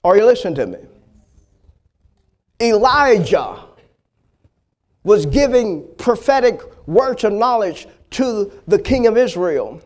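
A man's voice: high voice, sing-song, takes it slowly, pauses often, a little mellow. A man preaching a sermon as a pastor. He retells the story dramatically and speaks straight to the congregation.

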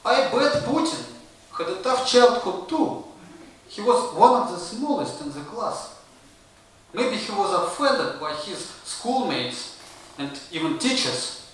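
A man from Russia with a Russian accent, performing a stand-up comedy set with a slow, deadpan delivery. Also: sits high. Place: stage in a comedy venue. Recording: very echoey room, voice from a distance, audible noise.

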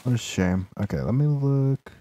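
A man's voice: medium pitch, expressive, normal speed, mellow, no echo, soft background music. A young man streaming a game live, rambling casually, chatting to viewers and teasing game characters in mock outrage. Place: home room, sitting in a noisy chair.

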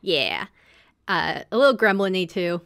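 A woman's voice: on the low side, animated, gravelly, fairly bright tone. A woman hosting a podcast, recapping episodes in casual chat and slipping into characters' lines as she goes. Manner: chatty, acts out characters' lines in quick asides. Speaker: podcast host.

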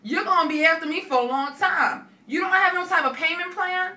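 A woman playing a brassy new york caller fed up with her bill, high bright voice, roomy off-mic sound. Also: brisk, far from the mic. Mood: irate. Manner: brash slangy complaining. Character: loud sassy irate woman customer from the Bronx.

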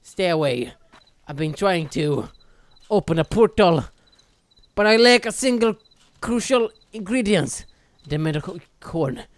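A gruff quest-giver speaks in a low, dragging voice, as a gamer reads the lines aloud. The words come slow and heavy, with the pitch swinging widely. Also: animated, no room sound, lightly acted. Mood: ominous.

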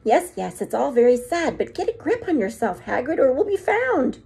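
A woman voicing a strict, fussy older witch professor who hisses and scolds in a sharp whisper. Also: high voice, very animated, normal speed, vocal fry, slightly rough, voice pushed up, heavily acted. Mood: anxious scolding.

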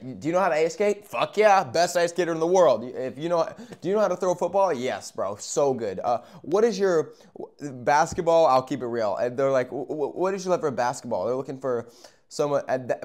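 Profane, animated young man telling a story. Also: medium pitch, fast. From Arizona. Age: young adult. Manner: animated, profane, swings loud and quiet. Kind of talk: casual storytelling.

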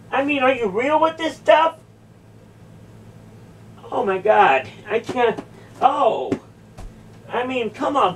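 A woman in a heated confrontation in a church, incredulous and repeating her questions again and again. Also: high voice. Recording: voice distant from the mic.

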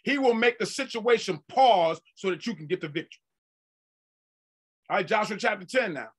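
A man preaching a sermon with fervor, swinging from quiet stretches to loud bursts and repeating words for emphasis. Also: sits high, lively intonation, normal speed, breathy edge. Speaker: apostle preaching.

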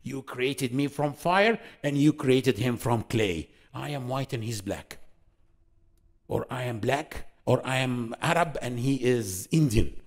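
A man voicing Satan as a proud male figure who boasts, quiet and matter-of-fact, in a religious lesson. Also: medium pitch, expressive, takes it slowly. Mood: arrogant.

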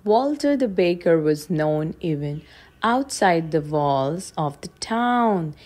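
A woman reads a children's picture book aloud. Her voice sits slightly low, and she moves through the story at an unhurried, deliberate pace, like a storyteller at bedtime. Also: lively intonation, a little mellow. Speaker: storybook reader.

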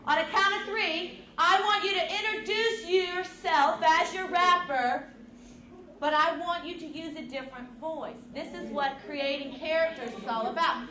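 A woman with a high, bright-sounding voice runs a classroom drama exercise, prompting and praising students at a brisk, encouraging clip. The room is echoey, with a crowd of kids and background noise all around her. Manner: energetic, coaching, encouraging. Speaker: drama teacher. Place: school classroom.

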